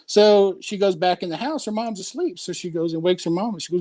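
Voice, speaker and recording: A man who is a guest on a casual podcast, telling stories with lively, acted-out quotes. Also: sits high, a little fast, hardly any pauses. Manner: animated storyteller, acts out quoted voices. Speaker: guest artist.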